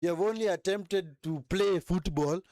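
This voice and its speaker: A young man with a high, mellow voice hosts a live football watch-along, speaking at normal speed as he mocks and scolds the players in a long rant. He imitates them in whiny, put-on voices. The recording is dry and studio quality.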